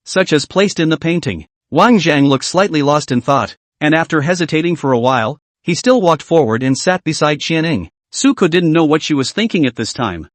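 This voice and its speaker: A man narrating a comic story recap with lively storytelling. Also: on the high side, moderate pace, few pauses, no echo.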